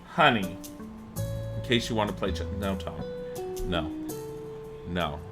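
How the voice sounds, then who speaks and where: A man's voice: sits low, expressive, slow pace, music in the background. A man streaming a building game live, chatting and thinking aloud to viewers and laughing often. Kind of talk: live-streamed gameplay chat.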